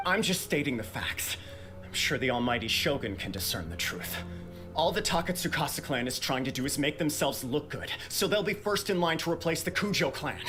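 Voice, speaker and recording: Calm earnest clan heir, steady delivery, faint background music. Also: male voice, fairly high pitch, fairly quick.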